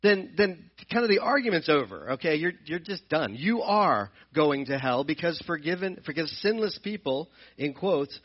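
Man, sermon-style Bible teaching, fairly high pitch, explanatory, muffled lo-fi recording. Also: very animated, normal speed, few pauses. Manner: earnest, explanatory, repeats and restarts phrases.

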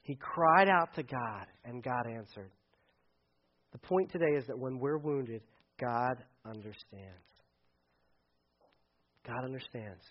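A man preaching a sermon, animated, acting out quoted voices and swinging between loud and hushed delivery. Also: mid-range voice, unhurried, long pauses. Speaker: pastor. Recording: dull lo-fi sound.

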